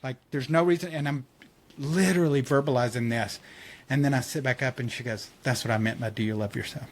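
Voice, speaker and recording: A man's voice: mid-range voice, a little fast, slight background noise. A man on a podcast telling a personal story in casual chat, acting out quotes and laughing often.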